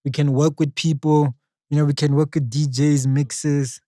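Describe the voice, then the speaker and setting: A man's voice: on the high side, little pitch movement, moderate pace, dark tone, dry recording, clean studio sound. A man co-hosting a podcast in casual chat, talking loosely and leaning on "like" as filler. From South Africa. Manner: loose, filler-heavy, says "like" a lot. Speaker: podcast co-host.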